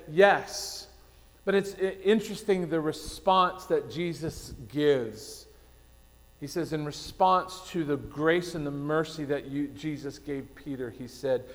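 A man preaching a sermon, telling a story and going quiet for the solemn parts. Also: on the high side, slow pace. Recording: long hall reverb.

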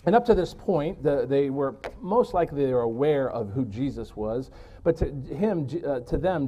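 Guy preaching a sermon, earnest, fairly high but mellow voice, fixes his words as he goes. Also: a little hiss or hum. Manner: earnest, explanatory, with restarts and self-corrections.

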